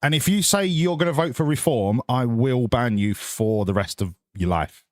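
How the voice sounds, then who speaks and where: A man's voice: medium pitch, normal speed, no echo, studio quality. A man streaming a game, chatting casually, swearing and riffing sarcastically while reading chat. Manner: sweary, sarcastic, rambling, reads chat aloud.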